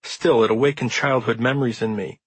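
A man reading the introduction to his own nonfiction book as an audiobook, in measured, earnest storytelling. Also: medium pitch, fairly even intonation, breathy edge, low-quality recording. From Midwestern United States. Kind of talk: audiobook narration.

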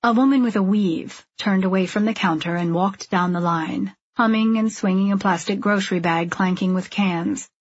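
A woman narrating a novel in a steady, measured and subdued way. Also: mid-range voice, slightly rough, lo-fi sound. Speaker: audiobook narrator. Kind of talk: scripted narration.

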